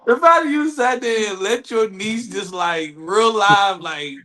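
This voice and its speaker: Slow-talking laughing podcast host. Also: mid-range voice, expressive, sharp tone. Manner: laughing, profane reactions. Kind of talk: casual podcast chat.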